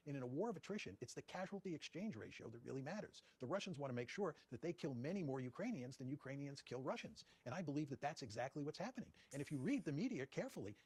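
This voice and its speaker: Fast-talking husky professor man. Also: on the high side, darkish tone. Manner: measured, deliberate, repeats key points. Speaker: guest professor. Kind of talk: analytical interview answers.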